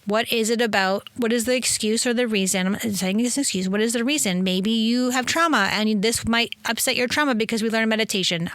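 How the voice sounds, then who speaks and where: A woman's voice: a little high, brisk, hardly any pauses, dry recording. Effusive woman, spiritual teacher. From Italian heritage. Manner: energetic, effusive, rambling. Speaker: spiritual teacher and podcast host. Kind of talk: casual inspirational monologue.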